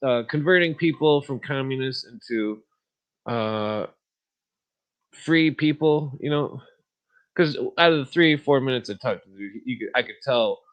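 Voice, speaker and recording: Casting: male podcast host, meandering and crude, chuckles through his anecdotes, mid-pitch voice. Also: a little slow, lo-fi sound. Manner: profane, meandering, laughs at own stories. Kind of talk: rambling casual monologue.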